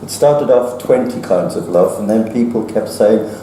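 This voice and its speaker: Man chanting a rhythmic poem, swooping pitch. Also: expressive, normal speed, warm tone, slight background noise. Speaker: poet at an open mic. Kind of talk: performance poetry. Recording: echoey room from far off with faint ambience.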